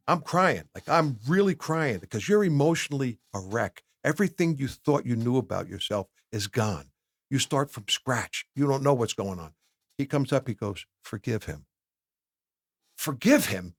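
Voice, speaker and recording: A man's voice: medium pitch, no echo, clean studio sound. A middle-aged man, a podcast guest, candidly telling his life story with lots of acted-out dialogue. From New Jersey. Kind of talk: personal storytelling in a podcast interview. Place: podcast studio.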